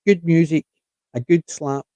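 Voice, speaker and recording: A man's voice: fairly high pitch, steady tone, unhurried, warm tone, no room sound. A man, a podcast co-host, rambling enthusiastically in casual chat.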